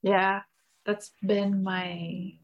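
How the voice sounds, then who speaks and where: A woman's voice: medium pitch, level tone, drawn-out words, dull audio. A woman in her thirties, a mom, chatting on a podcast in a reflective, musing way, often trailing off mid-thought. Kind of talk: casual chat.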